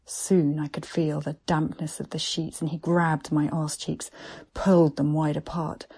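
A woman narrating an erotic story in a slow, hushed, breathy half-whisper. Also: low-pitched.

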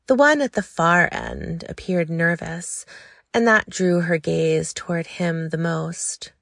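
A woman narrating an audiobook in a slow, intimate, low-key reading. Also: creaky, fairly bright tone, dry recording, studio quality.

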